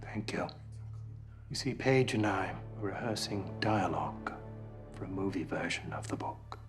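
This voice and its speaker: An actor playing a composed, cunning middle-aged male author who speaks in a measured, formal and coolly polite way in a courtroom film drama. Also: low-pitched, animated, music in the background. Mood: smug. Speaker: crime novelist on trial.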